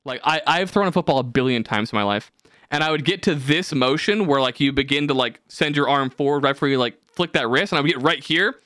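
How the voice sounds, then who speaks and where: A young man in casual podcast chat, talking with a fairly high, smooth and clear voice. His delivery is animated and he swears freely. The sound is dry and close. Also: fast, no echo. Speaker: podcast host.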